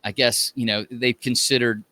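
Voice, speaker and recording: A man's voice: medium pitch, flat delivery, normal speed, pushed and bright, no echo. A man, a musician guest on a podcast, chatting casually in a rambling way. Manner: rambling, with many fillers and restarts, laughs often. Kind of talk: casual chat.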